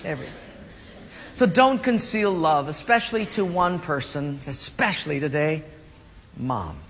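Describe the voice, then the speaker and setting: Male pastor, high voice, animated sermon storyteller, faint background hum. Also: normal speed. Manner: animated storytelling, acts out voices, drops low for emphasis. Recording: hall reverb, faint room noise.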